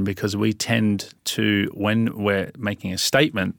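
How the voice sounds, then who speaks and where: An Australian man explaining things to an interviewer in a lively, demonstrative way, with drawn-out vowels. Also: lowish voice, vocal fry, no echo, studio quality. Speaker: interview guest. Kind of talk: conversational explanation.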